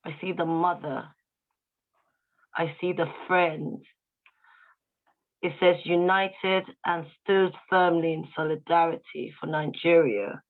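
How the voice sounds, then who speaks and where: A woman's voice: on the low side, fairly even intonation, slow, long pauses. Heartfelt woman over a tinny call. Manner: heartfelt, emotional, talks to the audience directly. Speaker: guest speaker at a tribute event. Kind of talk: emotional tribute speech. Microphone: video call. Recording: tinny video-call audio.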